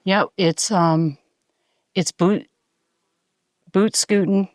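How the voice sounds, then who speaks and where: Calm, encouraging woman hiker. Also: mid-range voice, drawn-out words, no echo, studio quality. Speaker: hiking companion. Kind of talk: casual trail vlog. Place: outdoors on a mountain summit.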